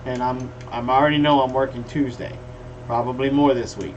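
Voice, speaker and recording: A man's voice: medium pitch, level tone, a little fast, muffled recording. Folksy joking man, a bit distant. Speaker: livestream host. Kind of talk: casual livestream chat. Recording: distant mic with faint room noise.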